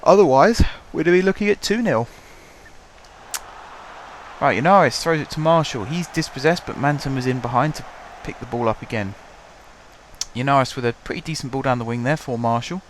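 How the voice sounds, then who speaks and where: A young man with a hoarse voice, chatting casually and calling the action play by play as he commentates his own football management game at home. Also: medium pitch, moderate pace, a little hiss or hum. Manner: chatty, wry, calls the match play by play. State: hoarse from shouting. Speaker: gaming channel host.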